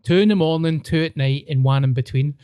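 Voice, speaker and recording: A young man with a Scottish accent telling crude, animated anecdotes in casual podcast chat. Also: fairly high pitch, brisk, smooth, no room sound. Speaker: comedian podcast guest.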